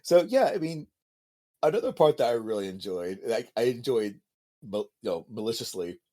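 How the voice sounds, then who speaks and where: Male podcast co-host, lively pitch swings, mocking and animated. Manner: animated, mocking, quick to laugh, acts out quotes. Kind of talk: casual chat.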